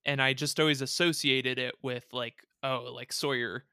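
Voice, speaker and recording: Easygoing man, smooth and bright voice. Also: medium pitch, steady tone, moderate pace, dry recording, studio quality. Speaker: podcast co-host. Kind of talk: casual chat.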